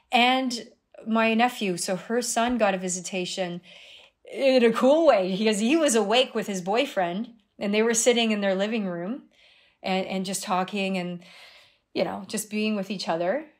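Middle-aged woman telling a personal story. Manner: animated retelling with sudden high exclamations. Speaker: guest, dream guide.

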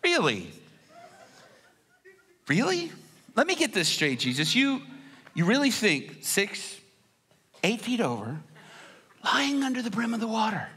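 A man voicing a gruff, weary fisherman with sarcastic, exaggerated storytelling. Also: sits high, huge pitch swings, a little slow, pauses often, fairly bright tone, in a large hall, pitched above the performer's own voice, full character voice. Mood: incredulous. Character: gruff weary fisherman, skeptical then astonished.

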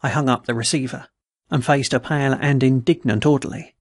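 A man hosting a podcast, reading adventure and dark stories aloud in a measured, steady way. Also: medium pitch, no room sound, clean studio sound. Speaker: podcast story reader.

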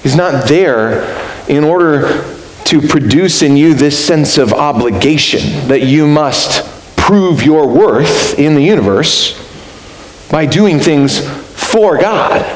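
A man preaching a sermon as pastor, earnest and reflective, lifting his voice high for emphasis. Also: expressive, slow pace. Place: church sanctuary. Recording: roomy echo with faint hiss.

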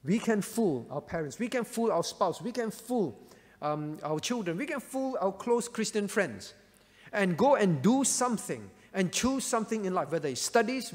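A man's voice: high-pitched, big-room sound. A male pastor preaching a sermon, earnest and emphatic, repeating key phrases for weight. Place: church hall.

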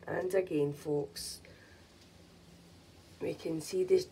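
A woman chatting casually in a home vlog as she checks her pigeons' eggs, cooing gently to the birds. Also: medium pitch, a little slow, breathy edge. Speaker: pigeon keeper.

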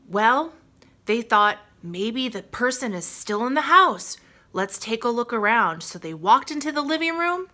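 Woman storyteller for preschoolers, bright, high and highly animated, slow delivery, faint music behind. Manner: expressive, exaggerated, slow. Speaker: children's storyteller. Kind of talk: children's storytime read-aloud.

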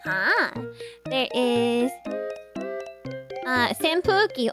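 A woman's voice: high-pitched, sing-song, slow, over music. A woman streaming a game in casual chat, giggling and rambling as she reads riddles aloud.

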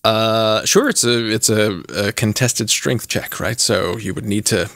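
A man running a tabletop game as game master, describing scenes and ruling on dice rolls with a lively, chuckling manner. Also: lowish voice, unhurried, creaky, dry recording, clean studio sound.

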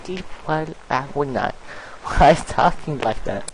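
A young man doing casual let's play commentary, goofy and excitable, often breaking into silly singing and swearing. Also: fairly high pitch, takes it slowly, slight background noise, low-quality recording. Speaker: gameplay commentator.

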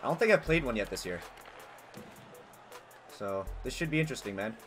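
A young man giving casual, excitable gameplay commentary as a gaming channel host, swearing and yelling at big plays. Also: fairly low pitch, fairly quick, faint music behind. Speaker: gaming youtuber.

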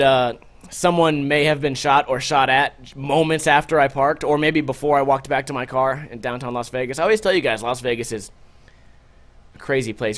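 A man hosting a casual podcast, telling a story in a loose, profane way and acting out the other people's lines. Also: medium pitch. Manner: animated, profane storytelling with acted-out quotes. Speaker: podcast host.

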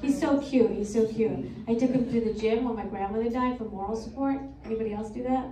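A middle-aged woman performing a stand-up comedy set in a comedy club, crude and deadpan, working the crowd between punchlines. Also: on the high side, fast talker, a little hiss or hum. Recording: echoey club audio from far off with loud crowd.

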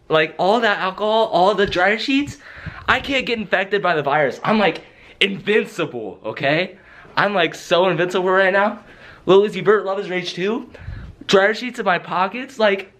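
Excitable young man rambling on a rant. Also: on the high side. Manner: rambling, excitable, fills with "like" and "right?". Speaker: vlogger. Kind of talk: comedic rant to camera.

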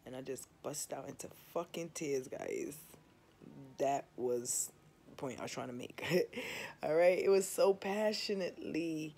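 A woman's voice: deep voice, unhurried, gravelly, a little mellow, slight background noise. Young woman vlogger: open, emphatic, profane, keeps checking in with the audience. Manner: candid, emphatic, swears freely, keeps asking "you understand?". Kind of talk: casual confessional chat to viewers.

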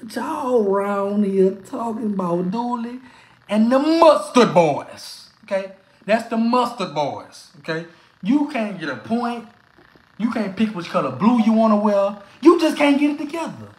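A hoarse speaker, ranting excitably and trash-talking as a sports fan commentator. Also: medium pitch, unhurried. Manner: animated, excitable, heckling. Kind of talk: trash-talking reaction rant. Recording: echoey room.

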